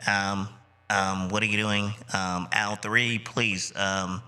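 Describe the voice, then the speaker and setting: A man voicing a calm store loudspeaker announcer through a voice effect, with hesitant ums. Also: on the low side, slow pace, smooth, heavily acted. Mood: announcing. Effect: voice effect pad.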